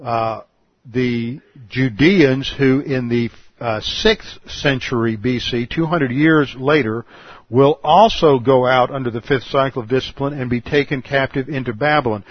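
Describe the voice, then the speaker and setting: A man preaching an expository sermon, teaching in a measured, emphatic way and posing rhetorical questions. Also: medium pitch, no room sound, lo-fi sound. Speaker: pastor.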